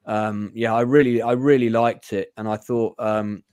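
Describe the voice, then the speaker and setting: A man's voice: lowish voice, steady tone, normal speed, a little mellow, clean tone, no echo. A man hosting a casual film review chat, hesitant with many fillers. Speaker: host.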